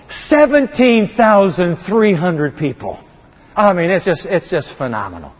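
A man's voice: sits high, very animated, moderate pace. A middle-aged male pastor preaching an impassioned sermon, often repeating words and restarting sentences. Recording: reverberant, dull lo-fi sound.

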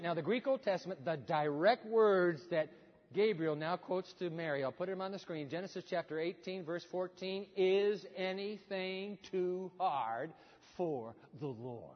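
A male pastor preaching a sermon, retelling scripture in an animated way and asking the congregation questions. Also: high-pitched. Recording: dull sound with long hall reverb.

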